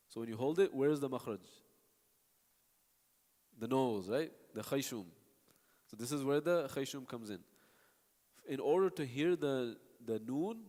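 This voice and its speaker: In a hall with long reverb, a man with a medium-pitched, slightly mellow voice teaches a recitation class. He explains patiently, pausing to demonstrate sounds and answer students' questions.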